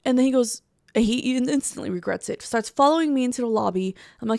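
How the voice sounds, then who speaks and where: A young woman in her twenties, co-hosting a casual chat and telling a profane, animated story with acted-out quotes. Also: fairly high pitch, quick pace, gravelly, no echo, studio quality. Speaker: co-host.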